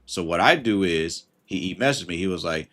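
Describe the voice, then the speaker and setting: A man's voice: deep voice, animated, a little fast, bright, forceful tone. Slangy man giving casual livestream advice. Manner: conversational and slangy, greets chat viewers mid-thought.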